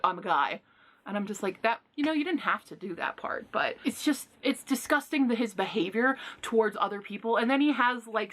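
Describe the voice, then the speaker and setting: A woman giving a casual book review, retelling plots in an animated, indignant rant with sighs and exasperated asides. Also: mid-range voice.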